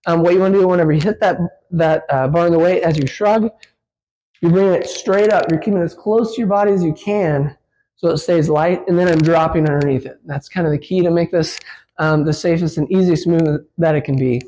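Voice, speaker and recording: A man with a fairly high voice talks through a barbell lift as he does it. He is a physical therapist giving a casual instructional demo in a gym, slightly breathless from the effort, with plenty of "um"s along the way. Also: steady tone, brisk, mellow, poor audio. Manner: casual, explains while lifting, many fillers. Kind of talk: instructional demonstration.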